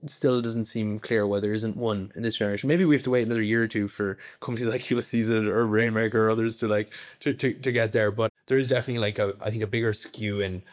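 Irish guy in his 20s, quick rambly talk full of "like"s, kinda low voice. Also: fairly even intonation. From Ireland. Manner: rambling, heavy filler words. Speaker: guest. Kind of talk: casual conversation.

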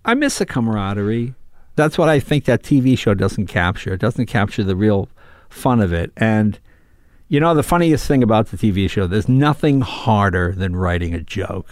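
A man's voice: lowish voice, normal speed, no echo. An older man, a comedian, chatting casually and telling anecdotes, acting out the people in them. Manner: animated, acts out voices in anecdotes. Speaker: comedian guest. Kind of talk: casual chat, storytelling.

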